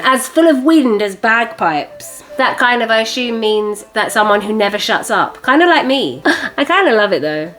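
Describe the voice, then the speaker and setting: A woman's voice: medium pitch, poor audio. A woman, hosting a casual history vlog in a playful, sassy way and laughing at her own jokes. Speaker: history vlogger.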